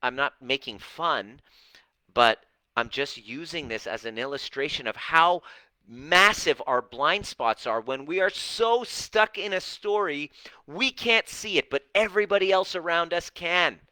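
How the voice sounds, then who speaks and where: A man coaching live viewers, telling stories with lively acted-out dialogue and casual swearing. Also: fairly high pitch, unhurried, smooth, no room sound, poor audio. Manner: animated storytelling, acts out dialogue, swears casually. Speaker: relationship coach. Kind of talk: live-stream coaching talk.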